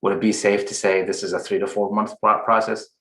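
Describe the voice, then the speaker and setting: A man with a fairly low voice speaks to a town planning board over a video call. He stumbles and repeats his words, politely checking timelines. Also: level tone, sharp tone, roomy sound. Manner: halting, repeats words while asking. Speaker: applicant's representative. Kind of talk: public meeting discussion.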